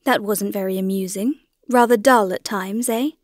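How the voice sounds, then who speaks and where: A woman voicing a kind, calm older male doctor in an audiobook, speaking gently and soothingly. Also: mid-range voice, normal speed, no room sound, studio quality, lightly acted. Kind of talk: audiobook character reading.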